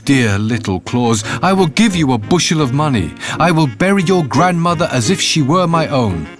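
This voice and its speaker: A man voicing a rich, fiery-tempered innkeeper who talks loud and flustered, with faint music behind. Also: fairly high pitch, big pitch swings, normal speed, pitched above the performer's own voice. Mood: pleading.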